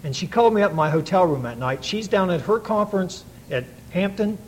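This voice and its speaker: Telling his personal story to a recovery meeting, a middle-aged man speaks fairly quickly in a high voice with lively intonation. He's folksy and earnest with many restarts, and the rough recording carries a little hiss or hum.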